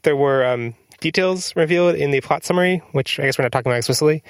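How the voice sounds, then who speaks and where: A man's voice: on the high side, fast talker, smooth, no echo. A man hosting a casual podcast chat, rambling and interrupting himself as he goes. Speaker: podcast host.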